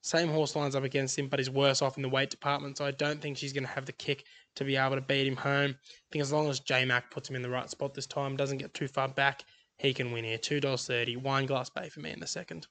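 A man's voice: mid-range voice, level tone, quick pace, a bit bright. A man co-hosting a casual racing podcast, rattling off odds and form in an upbeat way. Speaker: podcast co-host tipping horse races. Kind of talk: casual racing tips chat.

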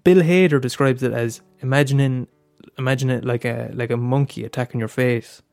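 A man's voice: medium pitch, steady tone, fairly quick, gravelly, a little mellow, smooth, dry recording, soft background music. Irish young man, candid and sweary. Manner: candid, swears a lot, stammering restarts. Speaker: podcast host. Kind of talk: casual solo podcast talk.

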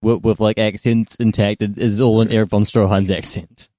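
Sex: man. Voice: mellow, deadpan co-host. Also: on the low side, normal speed, dry recording, studio quality. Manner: rambling retelling with stumbles and deadpan jokes. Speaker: podcast co-host. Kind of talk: casual film discussion.

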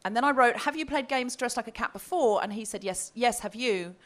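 A woman's voice: on the high side, brisk. A woman telling a comic story on a live comedy podcast, reading out messages with relish. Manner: animated, reads out messages with relish. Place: comedy festival stage before a live audience.

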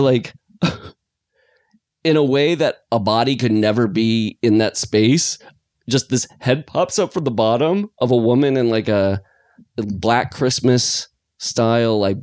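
A man co-hosting a podcast, chatting casually about a horror film in an excitable, rambling way with sudden jumps in pitch. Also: no echo, studio quality. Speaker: podcast co-host. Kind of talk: casual film review chat.

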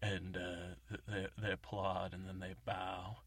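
A man's voice: low-pitched, flat delivery, a little slow, a bit bright, slight background noise. A man hosting a comedy podcast, telling an improvised story in a rambling way. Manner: rambling, many fillers and restarts. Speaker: podcast host.

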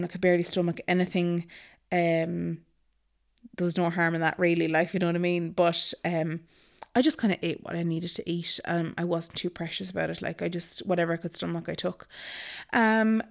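A woman's voice: lowish voice, creaky. Chatty woman telling her story. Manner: chatty, animated, frequent ums and likes. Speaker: guest. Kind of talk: casual storytelling interview.

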